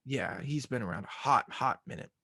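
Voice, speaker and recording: A man's voice: mid-range voice, expressive, normal speed, vocal fry, pushed and bright, breathy edge, dry recording, clean studio sound. A young man hosting a sports podcast, talking casually in rambling, self-mocking rants. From Arkansas fan, southern US.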